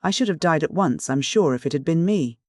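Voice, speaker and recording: A man's voice: fairly high pitch, lively intonation, a little fast, a little mellow, dry recording, studio quality. A man reading an audiobook, voicing a frightened young housemaid with a timid, fearful manner.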